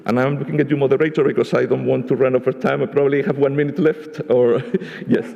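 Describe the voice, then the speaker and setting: A man giving a measured spoken summary of a panel discussion at a conference, often restarting his phrases. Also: mid-range voice, fairly even intonation, creaky, lo-fi sound. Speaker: panel rapporteur. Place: large conference hall. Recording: echoey conference hall.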